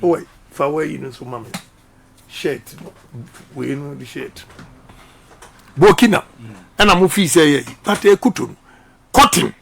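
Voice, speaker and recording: Emphatic Ghanaian man, high-pitched. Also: measured pace, gravelly, pauses often, a bit bright. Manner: repetitive, emphatic, preaching-style delivery. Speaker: politician. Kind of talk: impassioned radio interview.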